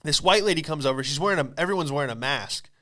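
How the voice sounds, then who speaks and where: A man hosting a comedy podcast, telling a story in an animated, profane, exclamatory way. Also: fairly high pitch, quick pace.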